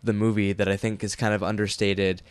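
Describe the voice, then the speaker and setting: Casual podcast co-host, male, low smooth voice, dry close sound, loose rambling delivery. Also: level tone, fairly quick, no echo. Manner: rambling, many fillers and restarts. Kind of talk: casual chat.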